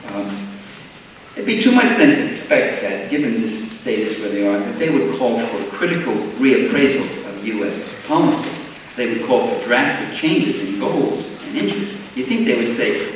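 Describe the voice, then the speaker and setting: An older man giving a sarcastic, animated political lecture to a live audience, with frequent restarts. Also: mid-range voice, moderate pace, slight background noise. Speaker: public lecturer. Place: large lecture hall. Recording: echoey hall, distant mic, faint ambience.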